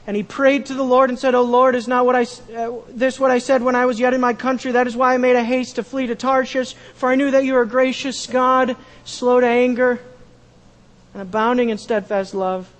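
Man preaching, very high voice, emphatic, repeats lines, loud then hushed. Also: level tone, fairly quick, big-room sound. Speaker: pastor. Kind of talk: sermon.

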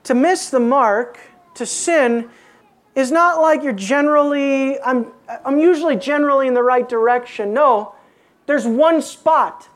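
A woman with a fairly high voice preaches an expository sermon. She asks her congregation rhetorical questions and drops to hushed emphasis on key phrases. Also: unhurried.

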